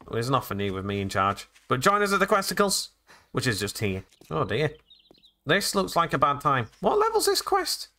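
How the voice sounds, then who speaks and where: A man's voice: on the high side, pushed and bright. A man hosting a let's play video, chatting and joking his way through a game and talking to the characters. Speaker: gaming channel host.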